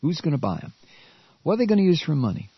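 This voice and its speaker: A male radio talk host giving an angry political rant, stammering and repeating himself, with shouted outbursts. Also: fairly high pitch, big pitch swings, fast, husky, no room sound, dull audio.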